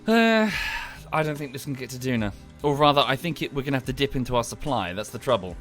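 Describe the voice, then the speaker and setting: A man's voice: medium pitch, lively intonation, fast talker, fairly bright tone. A man giving casual, dry, self-deprecating commentary while livestreaming a game, often muttering to himself. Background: game music.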